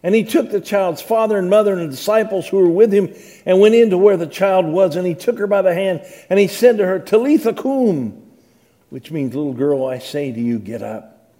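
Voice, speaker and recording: A man's voice: high voice, animated, normal speed, mellow. A middle-aged male pastor reading scripture dramatically and preaching with rising emphasis. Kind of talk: sermon.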